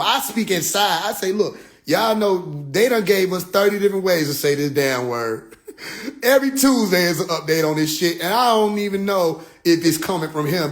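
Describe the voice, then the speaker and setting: A man with a notably high voice tells a story as a comedic rant. He is animated and profane, and his delivery is loose and full of slang. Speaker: vlogger.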